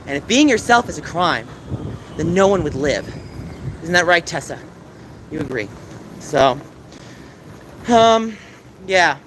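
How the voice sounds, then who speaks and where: A man livestreaming while walking city streets, talking passionately and ranting to his chat, with a sore throat and coughs. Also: a little high. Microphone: handheld game console mic. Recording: loud wind noise on a handheld device.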